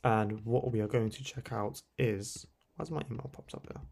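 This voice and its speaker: A young man walking through a software tutorial on screen in a loose, chatty way, full of fillers and tag questions. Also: medium pitch, moderate pace, gravelly. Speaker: tutorial host. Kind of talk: casual screen-recorded tutorial.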